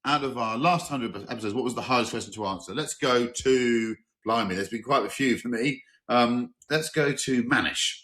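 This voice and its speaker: A middle-aged English man hosting a car podcast in a relaxed, chatty way, telling enthusiastic anecdotes. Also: mid-range voice, moderate pace, few pauses. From England. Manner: chatty, enthusiastic, tells anecdotes, exaggerated quoted voices. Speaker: podcast host. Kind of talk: casual chat.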